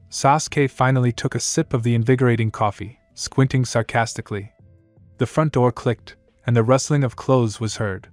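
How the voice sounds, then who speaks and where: A man reading a fan-fiction story aloud in a plain, steady narrating voice. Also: medium pitch, dry recording.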